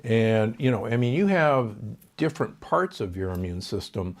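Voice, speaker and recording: An older man speaks with a low, gravelly voice, explaining medical advice in an authoritative tone. He piles up doses and figures and often restarts his sentences mid-thought. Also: sing-song, moderate pace. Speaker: doctor and guest. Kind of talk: podcast interview.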